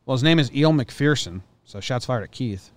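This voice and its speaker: A man co-hosting a casual podcast, reading out news stories and chatting in a rambling, halting way. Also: medium pitch, expressive. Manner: rambling, halting, thinks aloud. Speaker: podcast co-host.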